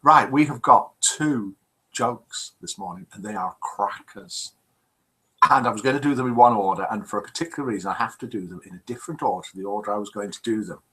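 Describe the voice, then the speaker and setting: A man's voice: lowish voice, fairly quick, pushed and bright, slightly rough, rough recording. A man over fifty hosting a live online chat show, chatty and teasing as he reads out viewer comments. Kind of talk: casual live-stream chat reading out messages.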